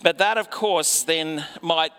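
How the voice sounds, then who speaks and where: Man, preacher, sermon; bright, slightly high voice, conversational, rhetorical asides. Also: takes it slowly, clean tone. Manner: conversational, asks listeners rhetorical questions.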